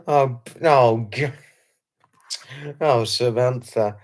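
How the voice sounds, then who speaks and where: A man's voice: mid-range voice, measured pace, darkish tone. A man hosting a casual live stream, reading out viewer comments and answering them in a chatty, polite way, repeating his thanks and greetings. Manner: chatty, repeats phrases, lots of thanks and hellos to viewers, chuckles often; polite, slightly formal wording with restarts. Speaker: livestream host.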